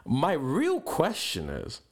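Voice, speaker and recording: A man's voice: fairly high pitch, huge pitch swings, slow. A young man hosting a podcast, ranting bluntly and profanely in a motivational monologue. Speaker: podcast host. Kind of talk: motivational rant.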